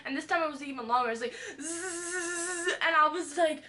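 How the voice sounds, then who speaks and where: Young woman doing a storytime vlog, bright voice kinda high, says like a ton, swears. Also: very fast, a little hiss or hum. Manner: fillers "like" constantly, animated retelling, swears. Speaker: vlogger.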